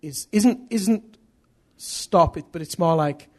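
A middle-aged man delivers a sermon with animated storytelling. His voice sits a little high and sounds husky. He acts out small scenes of dialogue as he preaches. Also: slow. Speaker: pastor.

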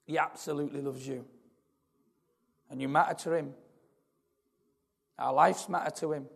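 A man preaching an earnest, repetitive sermon in a church, his voice gravelly. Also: a little high, fairly even intonation, moderate pace. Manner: earnest, repetitive, building in intensity. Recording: long hall reverb.

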